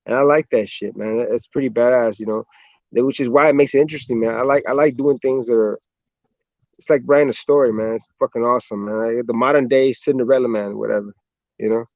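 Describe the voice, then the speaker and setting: Over a muffled, dull-sounding video call, an American boxer tells relaxed stories in a casual interview at a quick pace, swearing often and saying "man" a lot. His voice is mid-pitched, close and dry, without echo.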